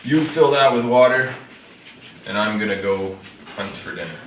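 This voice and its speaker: A man's voice: fairly low pitch, normal speed, slight background noise, natural voice. A man voicing a big boastful male ogre who is easily fooled, speaking in a blustering, demanding way. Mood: gruff bluster. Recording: roomy, distant mic.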